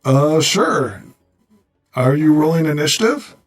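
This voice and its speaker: A man's voice: a little high, lively intonation, unhurried, faint music behind. A man narrating a tabletop game as game master, hesitant and full of fillers.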